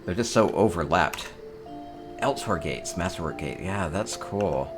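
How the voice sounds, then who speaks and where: A man's voice: deep voice, lively intonation, unhurried, music in the background. A man hosting a casual tour of player homes in a game, chatting upbeat and thinking aloud with small chuckles. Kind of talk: casual gameplay commentary.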